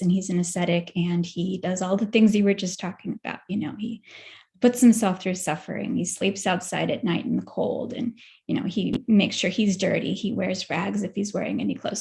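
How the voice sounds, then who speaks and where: A woman's voice: mid-range voice, fairly even intonation, normal speed, vocal fry, darkish tone. A woman in a meditation group on a video call, retelling a story in a chatty, hesitant way. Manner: chatty, hesitant, many fillers. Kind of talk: casual storytelling.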